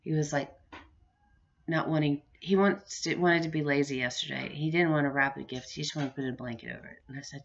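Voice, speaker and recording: Middle-aged lady rambling at home, bright voice, kinda muffled recording. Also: low voice, lively intonation, fairly quick, long pauses. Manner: rambling, chatty, laughs often. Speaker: vlogger. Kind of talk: casual home vlog chat.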